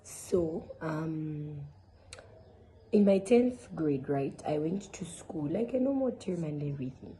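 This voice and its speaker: A woman's voice: low-pitched, animated, takes it slowly, mellow, slight background noise, poor audio. A young woman from Zambia casually telling viewers a personal story, chatty and full of fillers. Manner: chatty, addresses viewers as guys, many fillers. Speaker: vlogger sharing a testimony.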